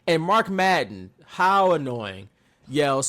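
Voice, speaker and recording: A man co-hosting a casual podcast, his voice sitting a touch high and leaping around with lively swings in pitch. He tells the story with animated energy, mocking quotes and frequent laughs. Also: normal speed. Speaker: podcast co-host. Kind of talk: casual wrestling recap chat.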